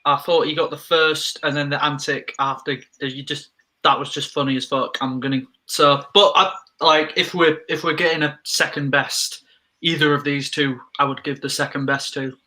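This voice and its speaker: A man's voice: fairly high pitch, steady tone, normal speed, bright, forceful tone. A man on a judging panel, teasing and swearing freely. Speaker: panel judge. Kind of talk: casual panel chat.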